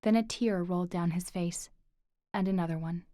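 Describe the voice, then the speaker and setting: A lowish female voice carries this scripted audiobook narration at a steady, measured pace. There's no echo, and the audio is studio quality.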